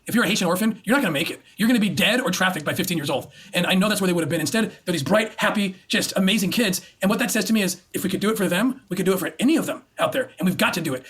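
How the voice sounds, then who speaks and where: A man's voice: high-pitched, a bit bright, breathy edge. A man talking as an interview guest in an earnest, emphatic storytelling way. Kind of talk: interview conversation.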